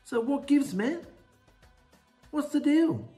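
A man's voice: very high voice, lively intonation, takes it slowly, mellow, soft background music, voice pushed up, heavily acted. A man voicing an exasperated male prophet who pleads and complains in casual slang.

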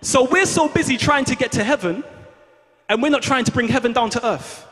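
A man preaching a fervent sermon in a church, calling on the congregation to repeat after him and rising to shouts. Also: extremely high pitch, a little fast. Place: church hall. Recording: long reverb of a large hall.

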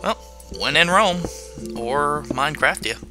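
A man's voice: on the high side, expressive, a little slow, music in the background. A man giving chatty video game commentary, joking and talking to the monsters in the game. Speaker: gamer.

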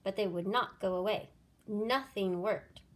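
A woman reading a children's picture book aloud, with an expressive sing-song delivery. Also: medium pitch, unhurried. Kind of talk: storybook read-aloud.

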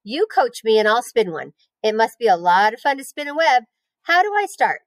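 A woman doing a high, eager young pig. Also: brisk, no echo. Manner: high, excitable, wide-eyed. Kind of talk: read-aloud storybook voice.

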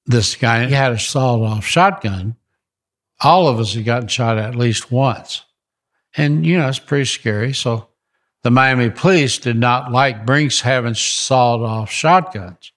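An older man, a ministry founder, telling stories in an animated interview and repeating phrases for emphasis. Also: mid-range voice, a little slow. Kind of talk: storytelling interview.

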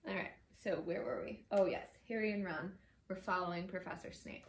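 A woman reads a novel aloud in a relaxed, casual storytelling manner, occasionally tripping on a word and correcting herself. Her pitch is mid-range. The recording sounds echoey with faint background noise. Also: moderate pace, creaky. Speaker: reader. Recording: echoey room.

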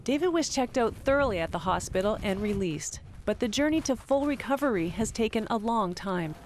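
A narrator reading a scripted documentary voice-over in an even, measured way between interview clips. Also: medium pitch, a little hiss or hum. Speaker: program narrator.

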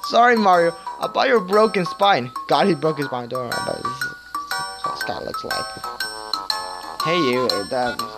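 A man's voice: fairly high pitch, expressive, a little fast, few pauses. A man giving casual reaction commentary to a cartoon, rambling, giggling often and stumbling over his words. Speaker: video reactor. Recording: loud music from the video underneath. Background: loud cartoon soundtrack music.

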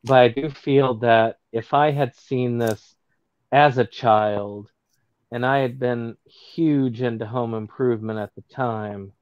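A man co-hosting a casual movie podcast, giving earnest, measured opinions. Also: mid-range voice, steady tone, a little mellow, smooth, no echo, dull audio. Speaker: podcast co-host.

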